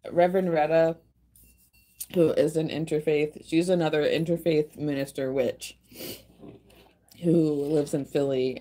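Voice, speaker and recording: A woman with a low voice hosts a casual livestream. She talks in a rambling, emotional way and often restarts her sentences. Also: mellow. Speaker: livestream host and tarot reader.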